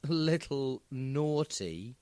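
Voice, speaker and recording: A man's voice: medium pitch, lively intonation, very slow, a crowd in the background. A man co-hosting a podcast in casual chat, joking and mock-boastful, on a microphone on a stand. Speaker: podcast co-host. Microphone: microphone on a stand with a recorder.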